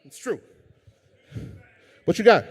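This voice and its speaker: A man's voice: slow pace, long reverb tail. A man performing live as a rapper, joking loosely and profanely with the crowd between verses. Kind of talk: live stage banter between rap verses. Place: live event stage. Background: hip hop beat.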